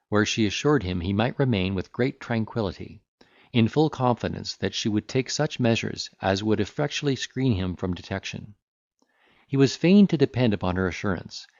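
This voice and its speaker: A man narrating a classic novel in a measured, formal storytelling manner. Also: fairly low pitch, a little mellow, no room sound, dull audio. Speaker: audiobook narrator.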